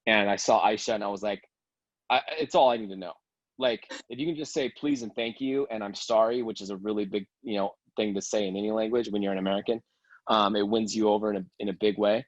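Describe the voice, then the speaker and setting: A man's voice: lowish voice, quick pace, dry recording, highs cut off. A man casually telling a long travel story on a video call, rambling with many fillers and restarts. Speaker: game participant sharing a travel story.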